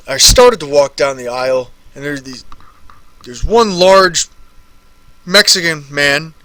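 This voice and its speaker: A man's voice: on the high side, sharp tone. A man in his thirties casually chatting on a live stream, answering viewer questions and rambling and repeating phrases.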